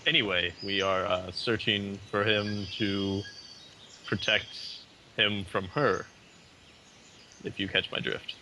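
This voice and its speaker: Slow, bright-voiced man playing his character. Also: fairly low pitch, fairly even intonation, a little hiss or hum. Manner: formal, hesitant in-character speech. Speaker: player. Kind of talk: in-character tabletop role-play.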